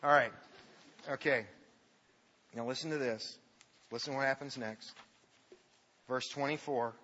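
A man's voice: medium pitch, fairly even intonation, measured pace, pushed and bright. A middle-aged male pastor preaching in a church, telling the story with jokes and reading scripture with big dramatic emphasis. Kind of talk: sermon. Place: church sanctuary. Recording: dull reverberant hall sound.

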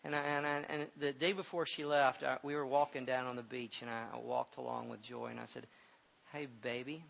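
Gravelly middle-aged male preacher, lo-fi. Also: mid-range voice, fairly even intonation. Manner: halting, repeats words, grows loud and emphatic when preaching. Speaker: pastor. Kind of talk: sermon with personal story. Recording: dull lo-fi recording with faint hiss.

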